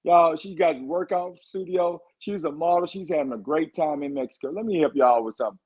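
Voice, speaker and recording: A man's voice: on the high side, fairly quick, a little mellow, poor audio. A man, a candidate for governor, giving fired-up, rambling answers in a podcast interview. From Texas. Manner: fired-up, rambling campaign talk.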